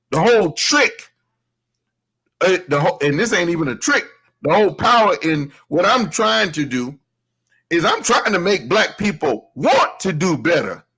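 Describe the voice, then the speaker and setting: A man's voice: a little high, sing-song, unhurried, a bit bright, husky, rough recording. A man hosting a show, delivering a heated, profane commentary rant with emphatic, laughing delivery.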